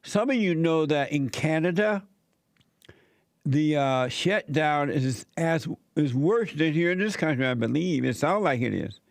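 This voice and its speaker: A man sits in as host of a call-in talk show, speaking in a fairly high voice for a man. He talks bluntly and with strong opinions, in plainspoken, casual grammar. The sound is dry, close and studio-clean. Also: expressive, measured pace, creaky, no echo.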